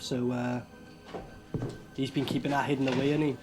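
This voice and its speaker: A man reacting to a movie as it plays, sweary and animated, tossing out laughing asides. His pitch swings widely as he talks. The film's music sits clearly underneath his voice. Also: brisk, pauses often. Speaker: movie reviewer. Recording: film soundtrack playing behind.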